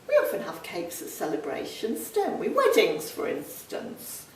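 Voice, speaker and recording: A woman's voice: on the high side, huge pitch swings, a little slow, few pauses. Playful woman telling cake jokes, echoey. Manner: chatty, playful, punning. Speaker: stand-up comedian. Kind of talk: stand-up comedy routine. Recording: echoey from far off.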